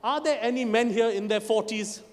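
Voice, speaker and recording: A man in his forties, from India, doing stand-up with a notably high voice and an Indian English accent. He works the crowd and teases them in an animated way. His voice rings out on a stage mic into a large hall with a long echo. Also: moderate pace. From Kolkata, India. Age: 40s. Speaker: stand-up comedian. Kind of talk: stand-up comedy set.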